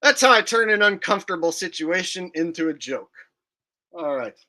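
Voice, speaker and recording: A man's voice: high-pitched, lively intonation, moderate pace, pushed and bright. A man hosting a livestream, rambling and joking in casual, profane commentary. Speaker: streamer host.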